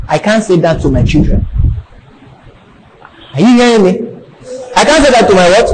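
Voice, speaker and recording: A man's voice: very high voice, very animated, moderate pace, pauses often, slight background noise, rough recording. A middle-aged man with a Nigerian accent preaching a sermon in church, repeating key phrases and constantly checking that the congregation is following. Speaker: pastor.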